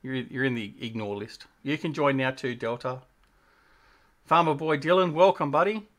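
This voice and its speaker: A man's voice: medium pitch, normal speed, a bit bright. A man hosting a casual gaming livestream, chatting and teasing his guests while he plays. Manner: chatty, teasing, thinking aloud while playing. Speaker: livestream host.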